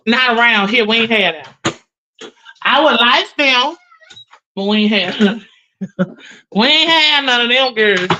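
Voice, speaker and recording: This livestream host, a middle-aged woman, chats casually and with profanity while doing chores, calling her viewers honey and girl. Her voice is a little high, with lively intonation and a sharp tone, and the highs are cut off. She uses drawn-out, emphatic storytelling.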